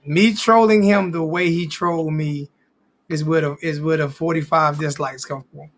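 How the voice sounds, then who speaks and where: A man's voice: fairly high pitch, fairly even intonation, normal speed. A man hosting a sports talk stream, boasting and trash-talking in a casual rant with many restarts. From American. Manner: boastful, repeats himself, stammering restarts. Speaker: sports podcast host.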